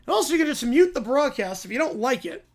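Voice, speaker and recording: A man doing a brisk female lawyer. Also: very high voice, big pitch swings, full character voice. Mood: confident. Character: crisp, confident female corporate lawyer.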